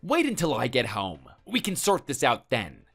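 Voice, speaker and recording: Brief: male text-to-speech voice as a bullying husband, very swooping pitch, defensive and scornful. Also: huge pitch swings, moderate pace, gravelly, a bit bright, faint music behind, heavily acted. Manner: defensive and contemptuous. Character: hot-tempered, threatening adult husband. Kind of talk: text-message story voice-over.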